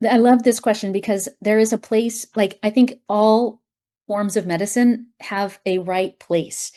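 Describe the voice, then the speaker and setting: Woman, interview guest, mellow warm tone, emphatic, opinionated. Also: mid-range voice, steady tone. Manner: emphatic, opinionated, quick asides. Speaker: guest, acupuncturist and app founder. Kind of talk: conversational interview.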